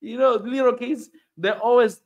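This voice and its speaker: Tanzanian-accented man, high voice, impassioned car vlog on rough roads, sweaty, repetitive, fired up. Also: steady tone, moderate pace. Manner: emphatic, repetitive, rising to anger. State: sweating on a bumpy ride. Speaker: vlogger. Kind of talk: passionate commentary vlog. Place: moving car on a bumpy road.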